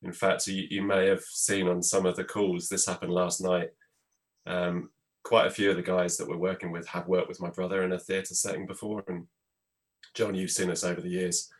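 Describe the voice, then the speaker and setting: A man with a very deep voice talks calmly on a panel. He sounds measured and reflective and often hedges with "I guess." He runs a theatre company. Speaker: theatre producer. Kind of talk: casual panel chat.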